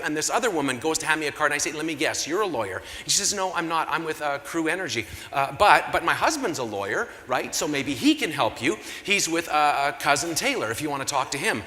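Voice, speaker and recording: A Canadian man hosts a gala from the stage, spinning an animated, self-mocking story in a bright, forceful voice that sits a little high. His voice rings through a big hall with a long reverb tail, and a faint hum of the room sits underneath. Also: fast talker, few pauses. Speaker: gala emcee. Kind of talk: comic storytelling to an audience. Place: large convention hall. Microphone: handheld stage mic through PA.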